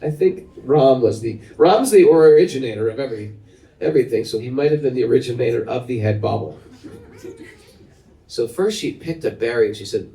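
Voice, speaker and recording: Male spiritual teacher, playful storyteller with a lively delivery. Echoey room, distant mic. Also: mid-range voice, brisk. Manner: animated and humorous, laughing often. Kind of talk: storytelling talk. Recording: roomy, from a distance.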